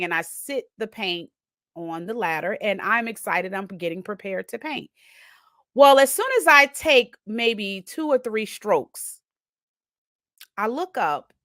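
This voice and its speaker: A woman hosting a podcast, telling a personal story with a life lesson in an animated way and often asking "right?" of the listener. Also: medium pitch, no room sound, clean studio sound. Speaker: podcast host.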